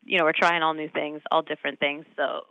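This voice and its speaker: A young woman with a bright, forward voice talks through her craft in a relaxed, rambling way. She fills her sentences with "like" and "you know", restarts often and breaks into laughs. The sound is dry and close, with no room around her. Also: low voice, fast talker, no echo, highs cut off. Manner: chatty, laughs often, many fillers and restarts. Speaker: actress guest. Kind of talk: casual interview chat.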